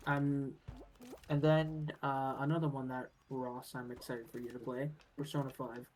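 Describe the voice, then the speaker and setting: A woman chatting with friends on a livestream, hesitant and filling pauses with ums. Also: extremely low pitch, flat delivery, a little mellow, slight background noise. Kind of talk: casual chat among friends on a livestream.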